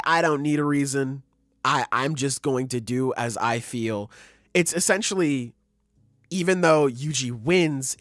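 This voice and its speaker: A man's voice: medium pitch, dry recording. Young guy on a podcast, fillers everywhere, dry close sound, keeps doing little voices for characters. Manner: animated, acts out quotes in voices, says like a lot. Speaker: podcast co-host. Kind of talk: casual chat.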